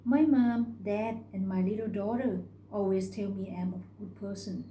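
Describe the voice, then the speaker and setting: A woman voicing a cheeky young rural woman from the northeast who talks in a bright, forthright way. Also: medium pitch, normal speed, slight background noise, lightly acted. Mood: cheerful. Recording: roomy recording.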